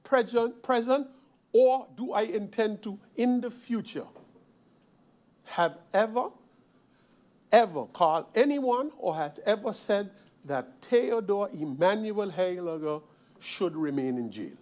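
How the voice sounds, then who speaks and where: A man from Sint Maarten, a member of parliament, giving an emphatic parliamentary speech with repeated phrases and rhetorical questions. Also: high voice. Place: parliament chamber.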